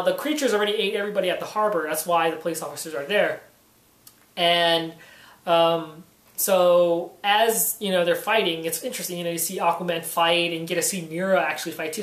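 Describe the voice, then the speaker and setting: A man's voice: a little high, fairly even intonation, a little fast, fairly bright tone. A man giving a casual spoken comic book review, rambling and leaning heavily on "you know" fillers. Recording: roomy echo.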